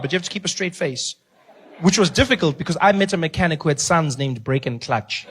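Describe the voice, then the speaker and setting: Guy from south africa doing standup, lively storytelling, big hall reverb, faint crowd hum. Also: fairly high pitch, a little fast. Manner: animated storytelling, acting out characters. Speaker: comedian. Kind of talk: stand-up comedy.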